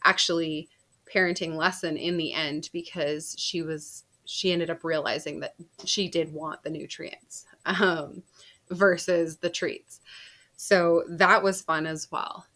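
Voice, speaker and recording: A woman's voice: low-pitched, steady tone, takes it slowly, fairly bright tone. A woman in her thirties, a podcast host, casually telling a personal story with frequent laughs and fillers. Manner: chatty, laughs often, lots of fillers.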